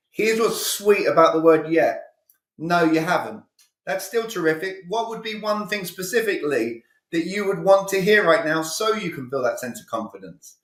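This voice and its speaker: A man's voice: on the high side, roomy sound. A male communication coach giving a live online sales training, talking energetically and with emphasis, acting out sales dialogues.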